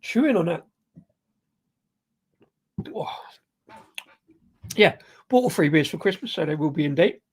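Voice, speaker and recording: With an animated, breathy-edged voice on the high side, a man speaks at normal speed but leaves long pauses as he hosts a casual live beer review. Rambling and hesitant, he ums, restarts and corrects himself while sipping and tasting.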